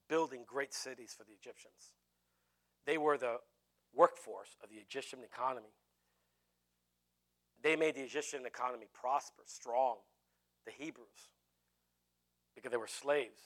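A man preaching a sermon in an animated way, with jokey asides. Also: mid-range voice, moderate pace, pauses often.

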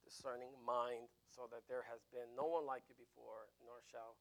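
A man's voice: mid-range voice, level tone, moderate pace, creaky. A man preaching an informal teaching sermon, conversational, with frequent restarts and "right?" asides. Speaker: pastor teaching a Bible class.

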